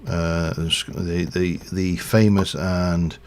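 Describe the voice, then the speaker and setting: Deep gravelly rambling man. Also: fairly even intonation, extremely slow, noisy background. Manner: rambling, chatty, with fillers and chuckles. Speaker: live streamer. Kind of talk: casual chat while playing a game.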